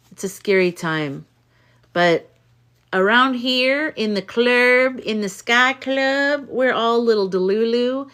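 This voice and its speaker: A woman with a low-ish, fairly bright voice hosts a casual livestream from a room at home with hanging lights. She chats with viewers, reads their messages aloud, rambles, and swears freely.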